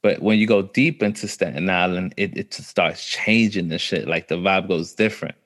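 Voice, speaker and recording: Chill new york guy talking slang, kinda low voice, animated stories. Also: moderate pace. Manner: laid-back street slang, animated storytelling. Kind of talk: casual chat.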